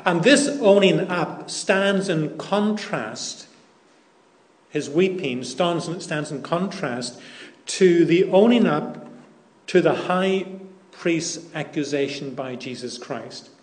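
A man preaching a sermon in a slightly high voice, unhurried and deliberate. He leans on repeated phrases, and his words ring in an echoey room. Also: animated.

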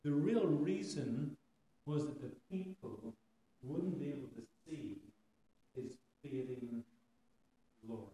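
A man's voice: a little high, slow, pauses often, mellow. A man with an Irish accent preaching a sermon in a conversational way, asking his listeners rhetorical questions.

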